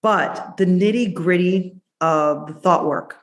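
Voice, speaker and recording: A woman doctor, a guest on a podcast, talking in an effusive, playful way, quick in places and drawn out in others. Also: fairly low pitch. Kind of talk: casual interview chat.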